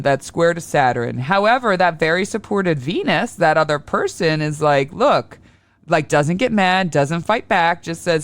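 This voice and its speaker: A man with a clear, smooth, slightly higher voice hosts his own podcast. He talks loosely and rambles a bit, often jumping into small acted-out scenes with quoted voices. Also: expressive, unhurried, a bit bright, dry recording. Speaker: astrology podcast host. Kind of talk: casual solo podcast talk.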